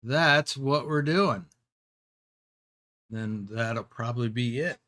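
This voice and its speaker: A man's voice: medium pitch, measured pace. A middle-aged man hosting a live stream, chatting casually over gameplay and often losing his train of thought. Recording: steady background noise.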